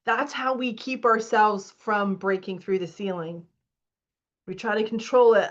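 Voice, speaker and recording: A woman's voice: mid-range voice, steady tone, a little slow, highs cut off. A woman as a spiritual coach leading a live online masterclass, reading out participants' comments and urging them on emphatically.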